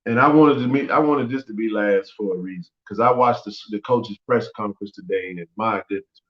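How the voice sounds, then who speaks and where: A man hosting a sports podcast, talking casually and teasing rival fans, his voice jumping up when he gets worked up. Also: brisk. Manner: animated, teasing, rising high when excited. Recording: roomy, dull lo-fi sound.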